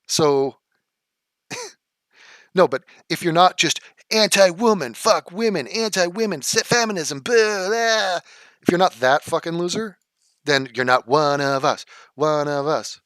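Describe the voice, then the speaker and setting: A man hosting a live stream from his living room, reading viewer comments and replying in a heated, sarcastic rant full of swearing and drawn-out insults. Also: a little high, fairly bright tone, no echo, clean studio sound.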